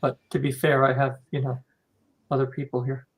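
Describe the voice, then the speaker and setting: A man's voice: medium pitch, completely flat delivery, brisk, slightly rough, rough recording. An American man hosting a casual podcast interview, rambling, encouraging and joking with his guest. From United States. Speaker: podcast host.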